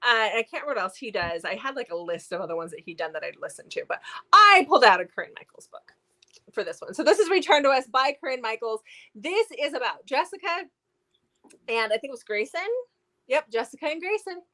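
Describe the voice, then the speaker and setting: A woman's voice: fairly high pitch, big pitch swings, fast, bright, forceful tone. A woman co-hosting a book review show, chatting casually and animatedly with lots of fillers. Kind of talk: casual chat.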